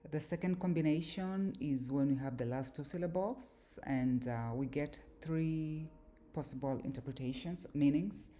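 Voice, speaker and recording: A woman giving a slow, deliberate explanatory lecture on word meanings, pausing often with fillers. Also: sits low, dark tone. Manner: measured, deliberate, with pauses and fillers. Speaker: language teacher.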